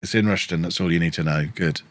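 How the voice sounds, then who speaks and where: A man live-streaming a football management game, chatting with viewers and reacting excitedly to the match. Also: deep voice, quick pace, dry recording. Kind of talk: casual live-stream commentary.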